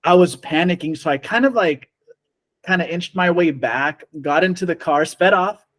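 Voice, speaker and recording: A man with a somewhat high voice spins a story in easygoing conversation. He acts out each quoted line with lively energy, jumping between characters as he tells it. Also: moderate pace. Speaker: storyteller guest. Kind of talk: casual podcast chat.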